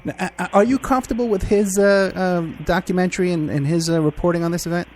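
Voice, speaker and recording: A male radio host interviews his guest in a relaxed, chatty way, often stumbling over the start of a question. His voice sits a touch higher than most men's. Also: slight background noise. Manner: casual, conversational, halting questions. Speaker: radio talk show host.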